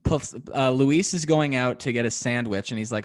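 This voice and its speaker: A man's voice: mid-range voice, brisk. A man hosting a podcast interview, telling stories in an eager, chatty way. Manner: enthusiastic, chatty storyteller. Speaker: podcast host. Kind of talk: casual interview chat.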